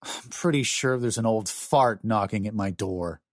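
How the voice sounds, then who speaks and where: A man's voice: lowish voice, measured pace, no room sound, lightly acted. Brief: dismissive eighteen-year-old gamer, short answers, man doing the voice, dry close recording. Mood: curt. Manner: curt, dismissive. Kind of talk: audiobook character voice.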